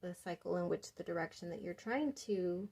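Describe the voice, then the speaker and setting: A young woman giving a casual tarot reading, talking softly and rambling with many fillers. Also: fairly low pitch, a little fast, vocal fry, breathy edge. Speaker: tarot reader.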